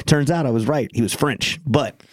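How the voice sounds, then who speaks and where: A man co-hosting a casual chat, sarcastic and teasing, firing off quick jokes. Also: medium pitch, slightly rough, dry recording.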